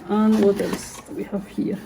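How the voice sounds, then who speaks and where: A woman's voice: medium pitch, level tone, normal speed, vocal fry, background noise. A woman hosting her channel, giving casual unboxing commentary in a chatty way and often correcting herself. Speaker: channel host.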